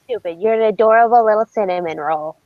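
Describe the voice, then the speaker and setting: A woman co-hosting a casual stream chat, teasing and quick with a laugh. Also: mid-range voice, no echo, phone-quality sound. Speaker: stream co-host.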